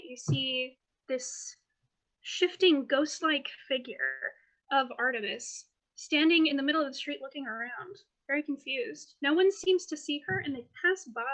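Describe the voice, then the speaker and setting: A woman narrating a tabletop game as game master in a lively, playful way. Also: high voice.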